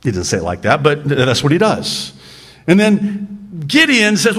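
A man's voice: on the high side, wildly swooping pitch, normal speed, fairly bright tone. A male pastor preaching a sermon in a conversational, humorous way, often restarting his sentences with a stammer.

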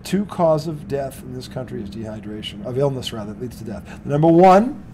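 A man's voice: medium pitch, animated, brisk, dark tone, a little hiss or hum. A male sports talk host from the Boston area, ranting heatedly with lots of swearing and laughing mid-rant.

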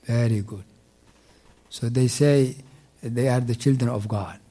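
A man teaching a mosque class on Quran commentary. He recites verses quickly in Arabic, translates them slowly, and repeats words as he searches for them. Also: medium pitch, fairly even intonation, dark tone.

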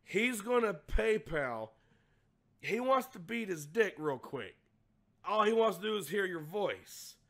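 A young man hosting a show, telling a profane comic story, laughing hard and acting out quotes in a low voice. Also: big pitch swings, measured pace, a bit bright.

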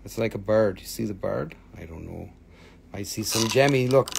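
A man hosting a live sales stream, talking with excited, animated patter as he shows and prices each item. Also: on the low side, moderate pace, creaky, slight background noise.

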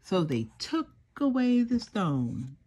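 An older woman reading a children's storybook aloud, slow and sing-song with dramatic pauses and a softly breathy voice. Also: mid-range voice, big pitch swings. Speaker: storybook reader. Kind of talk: expressive children's read-aloud.

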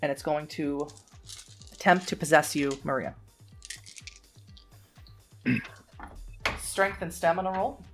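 Lower-voiced woman game master. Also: slow pace, pauses often, faint music behind. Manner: matter-of-fact, rules-focused narration. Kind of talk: running a tabletop game.

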